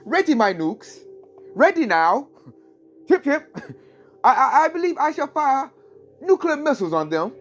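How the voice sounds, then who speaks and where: A pompous, bombastic mock French voice, which a man puts on to poke fun at a leader. It sits high and struts through every line. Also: very animated, unhurried, pauses often, faint music behind, exaggerated voice.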